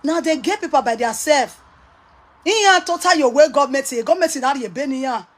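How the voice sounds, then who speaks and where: Woman, Nigerian accent, high-pitched, mocking, scolding, casual rant to viewers. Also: lively intonation, normal speed. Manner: mocking and scolding, laughs often. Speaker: online commentator.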